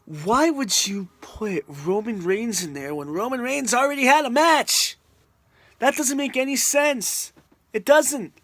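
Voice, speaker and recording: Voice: mid-range voice, unhurried, fairly bright tone, dry recording. A video reviewer ranting in an exasperated, emphatic way, often repeating the same point. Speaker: wrestling reviewer on a video channel.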